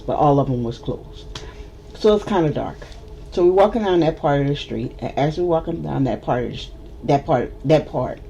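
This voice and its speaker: A vlogger tells a story to the camera in a casual storytime video, animated and acting out the other people involved. She has a deep voice, with a little hiss or hum in the recording.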